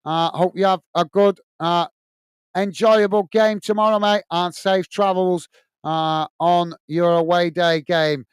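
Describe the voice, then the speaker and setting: A man's voice: high-pitched, steady tone, measured pace, smooth, no echo, studio quality. An English man hosting a live football watch-along, casually reading out viewer comments and giving friendly, repetitive sign-offs with lots of fillers.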